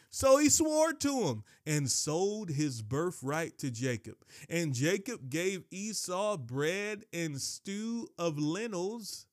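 Slow, emphatic male preacher. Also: a little high, very animated, no room sound, studio quality. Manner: emphatic, repeats key phrases, reads scripture aloud. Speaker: pastor. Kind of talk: sermon.

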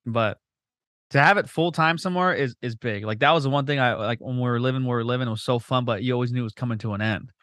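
A man hosting a podcast who talks fast and tells stories full of swearing, acting out other people's lines in exaggerated voices. His voice is close and dry, with almost no room sound. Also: mid-range voice, dry recording. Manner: profane, animated, quick storytelling with voiced quotes. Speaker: podcast host. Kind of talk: casual chat.

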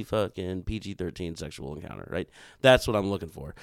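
Man, thirties, very low voice, gravelly, dry close sound, rambling and profane, casual podcast chat. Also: a little fast, hardly any pauses, dry recording. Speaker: podcast co-host.

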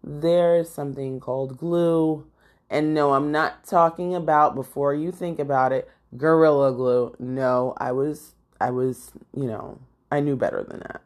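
Slow, low-voiced woman telling a story. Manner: animated, exasperated, lots of fillers. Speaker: podcast host. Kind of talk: casual storytelling monologue.

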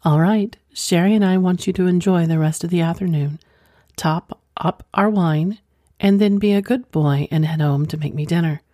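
A commanding wife who lays down the rules in a firm, instructing way, read by a woman narrator. The voice is low and mellow and recorded close and dry. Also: moderate pace, dry recording, close to an everyday voice.

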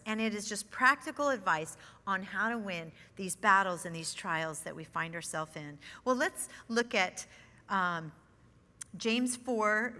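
A woman's voice: mid-range voice, sharp tone. A middle-aged woman teaching a women's Bible study in an earnest, conversational way. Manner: earnest, conversational, with nervous laughs. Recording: long hall reverb.

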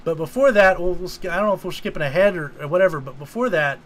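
Male co-host, higher register, lively casual recapper who acts out quotes. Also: fast. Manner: animated retelling, quotes lines in put-on voices. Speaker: podcast co-host. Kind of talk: casual movie recap chat.

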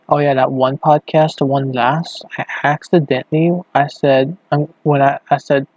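A man's voice: mid-range voice, flat delivery, a little mellow, no room sound, muffled recording. Rambling man hosting a late-night podcast. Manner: rambling and halting, thinking aloud while browsing. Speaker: podcast host. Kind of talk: casual late-night solo podcast talk.

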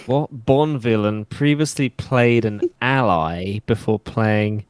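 A man from England with an English accent softened by years in the US, chatting casually about his podcast and fitness work, laughing often and acting out what others say. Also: lowish voice, slow, smooth, no room sound. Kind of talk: casual chat.

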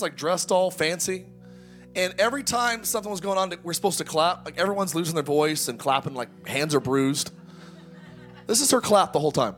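A man in his thirties preaching a sermon, energetic and exhortative, with humorous asides. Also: high-pitched. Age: 30s. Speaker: pastor.

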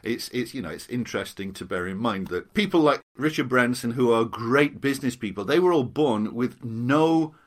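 A man's voice: mid-range voice, expressive, normal speed, few pauses. A middle-aged man hosting a podcast interview, chatting casually and joking like a quizmaster. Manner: jokey, self-deprecating quizmaster. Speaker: podcast host.

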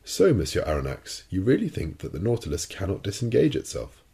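A man's voice: deep voice, wildly swooping pitch, fairly quick, gravelly, warm tone, husky, full character voice. A man voicing a proud, cool-headed sea captain in an audiobook, speaking with dry irony and total confidence. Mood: ironic. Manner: ironic and cold, unshakably confident. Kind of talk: audiobook character reading.

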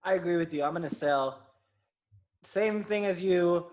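Man, high voice, easygoing, joking, podcast host. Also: normal speed, darkish tone. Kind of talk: casual sports podcast chat.

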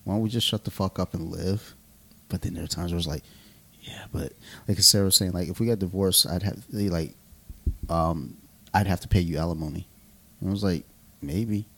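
A man with a notably low voice chats casually on a podcast, swearing freely and laughing through his stories. He talks loosely, circling back and restarting as he goes. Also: brisk, gravelly, a bit bright, slightly rough. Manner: loose, profane, laughing storyteller. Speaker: podcast co-host. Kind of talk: casual chat over beers.

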